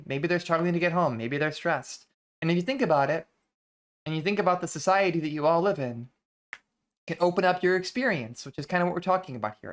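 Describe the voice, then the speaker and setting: An adult vtuber hosting a book reading series, talking through ideas in a thoughtful, conversational way with frequent restarts. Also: medium pitch. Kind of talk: casual reflective lecture stream.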